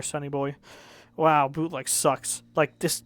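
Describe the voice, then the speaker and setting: A man's voice: a little high, steady tone, moderate pace, a bit bright, smooth, dry recording. A young man casually reviewing music, rambling and correcting himself, frank and a bit profane.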